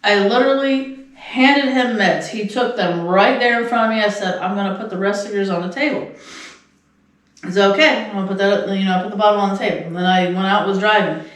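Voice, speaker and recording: A woman's voice: mid-range voice, brisk, far from the mic. A middle-aged woman chats on a podcast, telling a winding story full of acted-out quotes and laughter. She sits well back from the mic in a very echoey room. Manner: rambling storyteller, laughs often, acts out quotes. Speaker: podcast co-host. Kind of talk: casual chat.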